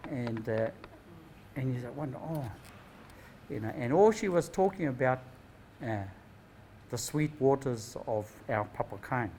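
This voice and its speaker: Older man, New Zealand accent, reflective storyteller, tags thoughts with eh, mid-pitched voice. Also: expressive, measured pace, pauses often, darkish tone, slight background noise, poor audio. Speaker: speaker at a Māori knowledge gathering. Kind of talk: anecdotal storytelling talk.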